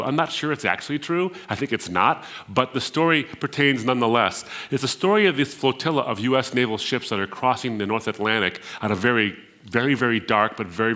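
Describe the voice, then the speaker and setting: A middle-aged man from the Middle East preaches to a gathering, weaving a story into his sermon. His voice sits at an ordinary middle pitch. He climbs to emphatic peaks on key points and sometimes stumbles over repeated words as he searches for the next phrase. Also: sharp tone. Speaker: speaker at a Christian gathering.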